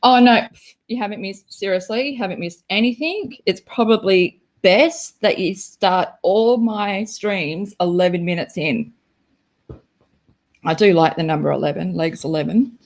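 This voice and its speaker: Slow-talking Australian woman chatting. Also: mid-range voice. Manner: chatty and self-deprecating, reacting to chat. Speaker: livestream host. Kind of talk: casual livestream chat.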